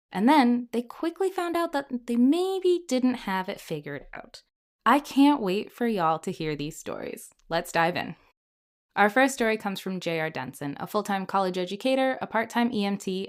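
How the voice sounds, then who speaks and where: Female podcast host, upbeat scripted intro, slightly high pitch. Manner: upbeat, chatty.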